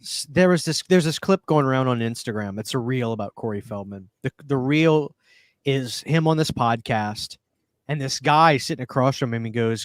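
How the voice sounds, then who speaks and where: A man hosting a casual podcast, telling stories in an animated way, laughing often and repeating words as he builds up to the punchline. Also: mid-range voice, normal speed, no echo. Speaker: podcast host. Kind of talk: casual chat. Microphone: studio microphone.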